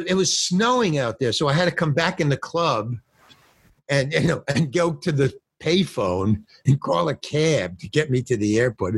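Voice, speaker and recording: An older man with a fairly high, husky voice, recorded dry over what sounds like a phone or remote call. He's an actor and stand-up comic telling stories in a relaxed interview, animatedly performing the different voices in them.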